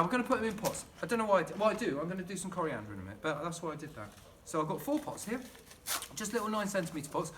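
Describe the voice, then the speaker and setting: A man's voice: high voice, a little hiss or hum. Chatty, rambling middle-aged man. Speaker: gardening vlogger. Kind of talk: casual home gardening demonstration. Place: home kitchen.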